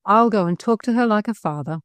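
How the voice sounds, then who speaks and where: A sly, smooth-talking schoolboy, as a woman narrator plays him in a storybook, overly polite and earnest. The voice sits at a middle pitch and is recorded close and dry. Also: brisk, dry recording, close to an everyday voice. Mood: wheedling.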